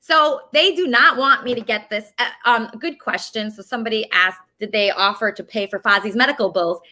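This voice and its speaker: Bright-voiced woman host ranting indignantly. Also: on the high side, fairly quick. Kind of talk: casual video monologue.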